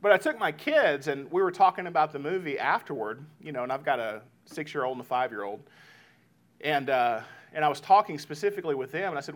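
A pastor in his thirties preaching to his congregation. His voice sits a little high for a man, and he keeps things casual, often calling the room "guys" and slipping into lively retellings of talks with his kids. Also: fairly quick. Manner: conversational, addresses congregation as "guys"; retells family talk with lively voiced asides. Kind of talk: sermon.

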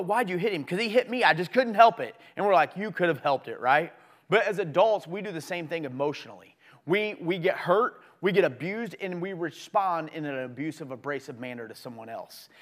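A middle-aged man preaching a sermon as pastor, earnest and conversational, with lively swings in pitch and loudness.

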